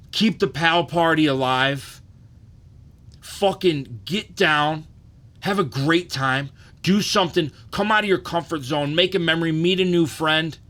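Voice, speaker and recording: A man's voice: a little high, a bit bright. A man in his thirties hosting a casual livestream, loose and profane, often asking "you know what I'm saying". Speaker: livestream host.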